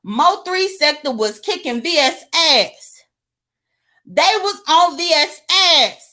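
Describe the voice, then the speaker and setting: A woman doing sassy, animated gossip commentary, greeting viewers by name and laughing between points. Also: high voice, takes it slowly. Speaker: livestream commentator.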